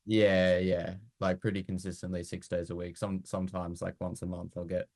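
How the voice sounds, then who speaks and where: A man's voice: sits low, completely flat delivery, moderate pace, darkish tone, dry recording. A man playing a tired prospect on a sales call, laid-back and blunt, with fillers and swearing. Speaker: roleplay prospect.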